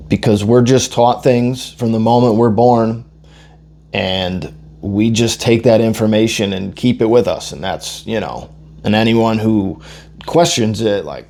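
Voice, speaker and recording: A young man talking casually into the camera, with a hoarse voice he says he is losing, rambling loosely and swearing as he goes. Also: on the low side, dark tone. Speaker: vlogger.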